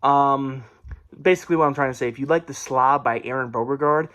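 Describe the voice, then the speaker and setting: A man's voice: medium pitch, steady tone, brisk, fairly bright tone. Rambling, self-correcting casual man. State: briefly out of breath. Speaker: book reviewer and horror author. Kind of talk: casual book review vlog. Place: room at home.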